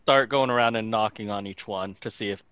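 A man's voice: fairly low pitch, fairly quick, fairly bright tone, clear, resonant tone, muffled recording. A man playing a tabletop game, describing what his character does in a plain, matter-of-fact way. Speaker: player. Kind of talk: casual tabletop game play.

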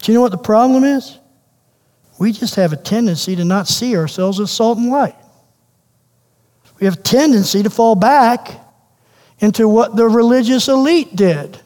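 A man preaching a sermon as pastor, animated and questioning, repeating phrases for emphasis. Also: high-pitched, normal speed, long pauses. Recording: long hall reverb.

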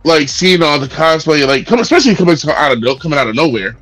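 A young man talks casually on a podcast, spinning stories with quick laughs. His voice sits a bit higher than most men's. Faint music plays underneath. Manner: animated storyteller, quick laughs. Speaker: guest cosplayer.

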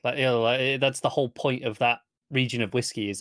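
A man's voice: medium pitch, steady tone, fast, fairly bright tone, no echo, studio quality. Easygoing man from the midlands. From English Midlands. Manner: easygoing, hesitant, often restarting. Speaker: podcast co-host. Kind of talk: casual review chat.

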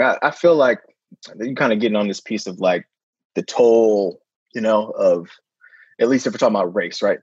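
Husky, animated man on a lo-fi call. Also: medium pitch, no room sound. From San Francisco. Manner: animated, emphatic, drops in "man" and "right?" constantly. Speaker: guest, middle school principal. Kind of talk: casual conversational interview.

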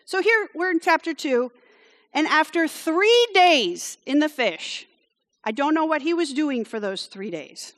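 Woman, from France, high voice, preacher, conversational sermon, chatty with wry asides, long hall reverb. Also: expressive, measured pace, fairly bright tone. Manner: chatty, with frequent "okay?" check-ins and wry asides.

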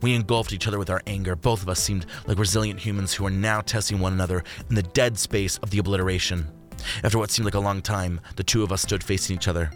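A man's voice: low-pitched, fairly even intonation, fast. A man reading a first-person story aloud, plainly and with the odd curse, over faint background music.

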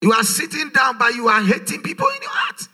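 A man's voice: very high voice, huge pitch swings, fairly quick, pushed and bright, slightly rough. A man preaching a sermon, emphatic and full of rhetorical questions, his voice rising in a sing-song way. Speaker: pastor.

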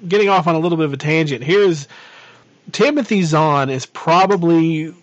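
Male podcast co-host and game master, rambling and full of restarts, a bit high-pitched, dry mic. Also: normal speed, no echo, dull audio. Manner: rambling, many fillers and restarts. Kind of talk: casual podcast chat.

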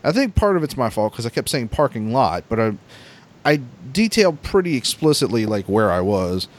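A man's voice: medium pitch, big pitch swings, moderate pace. A man co-hosting a podcast, telling a long personal story in a casual, rambling and profane way, full of restarts. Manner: rambling, profane, with many restarts and acted-out quotes.

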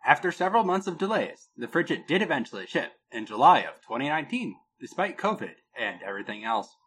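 A man co-hosting a casual podcast, telling a product story with a lot of pitch movement and laughing at his own jokes. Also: very animated, fast talker, a bit bright, breathy edge. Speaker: podcast co-host.

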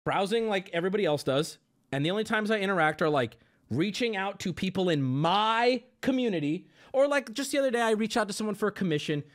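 High, animated man ranting on stream. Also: quick pace. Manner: exasperated, profane and self-mocking, with bursts of laughter. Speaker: livestreamer.

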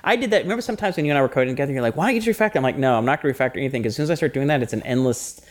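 A man co-hosting a casual podcast chat, animated and rambling, often breaking into laughter. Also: medium pitch, racing. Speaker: podcast co-host.

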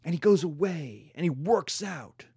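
A man's voice: fairly high pitch, expressive, measured pace, gravelly, dark tone, slightly rough, dry recording, studio quality. A man giving a playful history lecture, acting out countries in silly voices.

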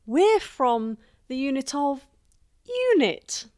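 Woman doing a squeaky polite little alien lady, bouncy pitch, dry sound. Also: animated, slow pace, a little mellow, no echo. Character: cheerful small alien lady traveller.

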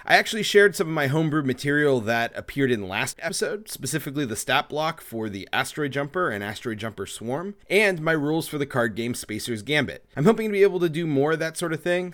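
A man's voice: mid-range voice, expressive, fast talker, few pauses, fairly bright tone. A man narrating as dungeon master of a tabletop role-play podcast, telling the scene and talking with players.

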